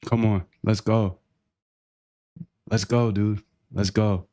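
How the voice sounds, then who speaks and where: A man hosting a trading live stream, delivering a hyped, pushy sales pitch and calling the listener dude and bro. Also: steady tone, slow pace, dark tone, no room sound. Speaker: trading channel host.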